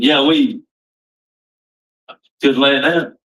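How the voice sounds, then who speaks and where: A man's voice: medium pitch, fairly quick, pushed and bright, far from the mic, slight background noise, rough recording. A man giving a plain-spoken, emphatic personal testimony at a recovery meeting, repeating himself for weight.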